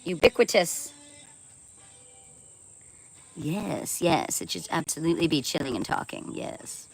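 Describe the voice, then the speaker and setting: A woman's voice: deep voice, expressive, moderate pace, gravelly, slightly rough, soft background music, low-quality recording. A woman chatting casually on her live stream, playful and laughing often as she reads and answers viewer comments, swearing now and then.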